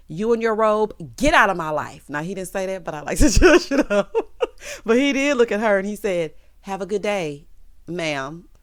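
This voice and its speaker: A sassy woman recaps a TV episode in a casual vlog, laughing and acting out each character. Her pitch swings all over, full of life. The sound is dry and close. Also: no echo. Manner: sassy, playful, quick to laugh, acts out characters' lines. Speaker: TV recap reviewer.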